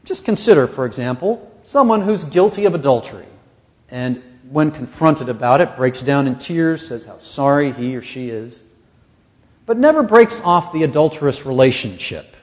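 A man's voice: medium pitch, animated, normal speed, in a large hall. A man preaching a sermon as pastor of a church, earnest and pressing his points with rising emphasis.

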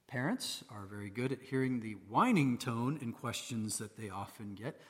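A man's voice: mid-range voice, expressive, moderate pace, few pauses, fairly bright tone, big-room sound. A man preaching a sermon in a conversational way, posing rhetorical questions to his listeners. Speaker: pastor.

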